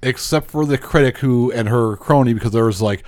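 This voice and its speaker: A man's voice: mid-range voice, brisk, darkish tone. A man on a podcast chiming in with short asides while a film's plot is retold, swearing now and then. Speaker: podcast co-host. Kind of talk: casual movie recap chat.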